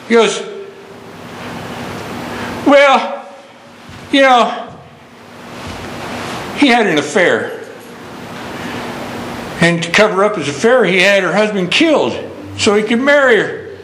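A man preaching in a bright, forceful voice. He tells a story and builds to excited preaching. His voice rings through an echoey hall over a faint hum. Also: sits high, slow pace, long pauses. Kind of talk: sermon.

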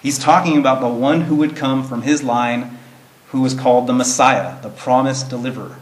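Male Bible study teacher, mid-pitched, earnest and plain-spoken, in an echoey room. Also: moderate pace. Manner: earnest, explains plainly, reads verses in King James wording. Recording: roomy echo.

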